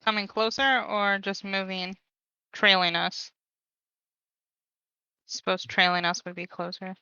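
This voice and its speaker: A woman's voice: mid-range voice, fairly even intonation, measured pace, bright, forceful tone, clear, resonant tone, no echo, muffled recording. A woman playing a tabletop game, matter-of-fact. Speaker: player. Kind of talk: casual tabletop play.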